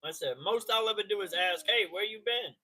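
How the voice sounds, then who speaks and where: A man hosts a loose, casual live stream and keeps greeting his chat by name. His voice sits a little high and sounds bright and forceful. He talks in easy slang. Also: fairly quick.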